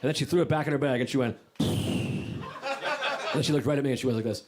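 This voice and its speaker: Animated male stand-up comic, loud crowd. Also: very fast. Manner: animated, jumps high in pitch for punchlines. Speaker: stand-up comedian. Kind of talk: stand-up storytelling. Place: comedy club stage. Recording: live club recording with loud crowd noise. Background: audience laughter.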